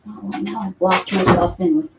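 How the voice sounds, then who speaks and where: A woman's voice: medium pitch, steady tone, moderate pace. A woman hosting a casual crafting livestream from a cluttered room at home, chatting and apologizing to viewers and cooing at her pets. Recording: dull lo-fi stream audio with faint noise.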